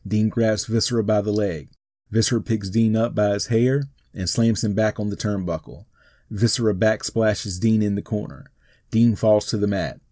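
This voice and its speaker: A man's voice: fairly low pitch, dark tone, no echo. A man reading out a written wrestling show recap in a dry, matter-of-fact way.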